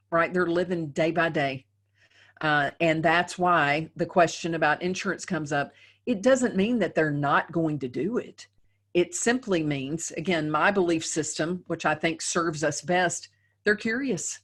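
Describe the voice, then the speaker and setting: A middle-aged woman with a somewhat low-pitched voice teaches a live webinar. She talks to her audience conversationally and often ends a point with a quick "right?". Her delivery sounds like a trainer coaching a team. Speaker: dental practice trainer.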